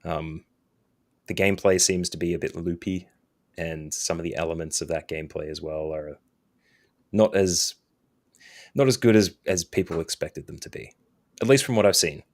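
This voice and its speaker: Male co-host, very deep voice, calm and measured opinions on games. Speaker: podcast co-host. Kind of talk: casual chat.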